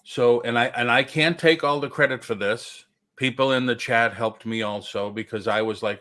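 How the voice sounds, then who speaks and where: A man hosting a casual livestream chat, talking haltingly with many fillers and restarts. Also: medium pitch, pushed and bright. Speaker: livestream host.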